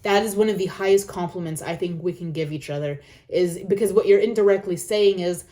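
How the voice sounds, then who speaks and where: A woman's voice: on the low side, fairly quick, hardly any pauses, dark tone. A woman talking earnestly to camera, giving encouraging advice and repeating phrases for emphasis. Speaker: vlogger. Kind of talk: reflective personal talk.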